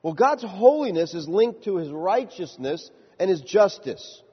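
Male pastor, sermon, emphatic, slightly high and husky, in an echoing hall. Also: big pitch swings, measured pace. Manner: emphatic, rises in pitch to stress points. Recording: muffled sound with long hall reverb.

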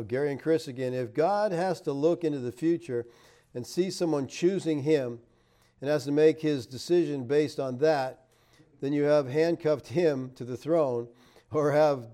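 Chatty pastor, warm dark voice. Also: male voice. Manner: chatty, laughs often, rises emphatic then drops low. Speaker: pastor answering viewer comments. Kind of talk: casual live-stream chat reading comments.

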